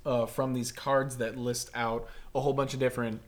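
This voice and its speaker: A man hosting a casual chat, telling a story in an animated, rambling way with lots of fillers. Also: mid-range voice, normal speed.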